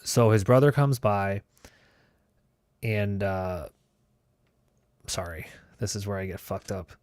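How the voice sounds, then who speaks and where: Speaking slowly in a lowish, slightly mellow voice with a clear, resonant tone, a man hosting a show spins a story. The recording is dry. He's loose and profane, swearing and leaning heavily on fillers like "like" and "you know."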